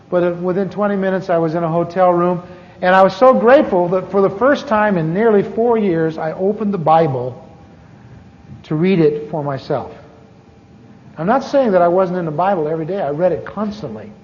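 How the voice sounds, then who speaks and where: A fairly high-pitched man preaching his personal testimony, the sound ringing out in a large hall. He speaks conversationally and stumbles into restarts as he goes. The old recording is dull and lo-fi. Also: slight background noise. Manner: conversational storytelling with halting restarts. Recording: echoey hall, dull lo-fi tape.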